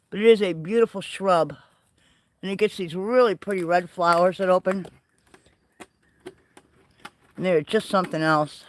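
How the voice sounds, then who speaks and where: A man hosting a livestream, walking through his greenhouse and garden and chatting in an excitable, rambling way. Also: high voice. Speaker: livestream host. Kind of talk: casual walking garden tour. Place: greenhouse and garden, partly outdoors.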